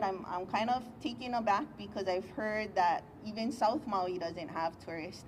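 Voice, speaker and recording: A woman's voice: medium pitch, background noise. A woman, a county council member, speaking earnestly and frankly at a press conference. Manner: earnest, frank, a few restarts.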